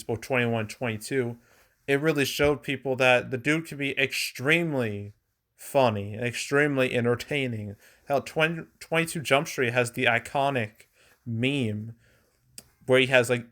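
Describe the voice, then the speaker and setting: Male host, mid-pitched voice, easygoing rambling delivery with lots of "like" and the odd chuckle. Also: a bit bright. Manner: rambling, filler-heavy with frequent "like"; chuckles now and then. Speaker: movie box office commentator. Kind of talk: casual solo commentary.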